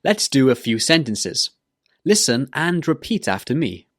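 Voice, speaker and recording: Man, pronunciation teacher, scripted lesson, unhurried, animated pitch, dry close sound. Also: no room sound. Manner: slow and deliberate, repeating words for learners to copy.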